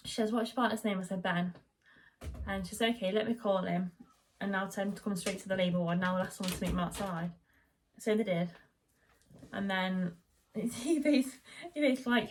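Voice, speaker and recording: A woman's voice: medium pitch, a little hiss or hum. A young woman telling a long personal story in a chatty, rambling way, full of fillers and restarts. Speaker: vlogger. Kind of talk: casual chat.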